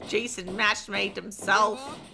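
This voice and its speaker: A woman doing excited, animated play-by-play commentary on a wrestling match, cheering and yelling at the action. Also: mid-range voice, takes it slowly, gravelly, a little hiss or hum. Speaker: host and commentator.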